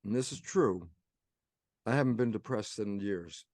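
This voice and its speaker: A man's voice: fairly low pitch, lively intonation, moderate pace, a little mellow, no room sound, studio quality. An older man, a guest in an interview, telling personal stories animatedly and acting out inner voices. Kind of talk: storytelling interview talk.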